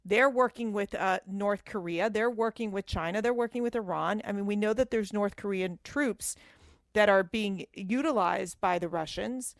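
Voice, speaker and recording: A woman co-hosting a talk radio show, animated and opinionated, laughing easily, in a radio studio. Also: medium pitch, normal speed, no room sound. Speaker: radio co-host.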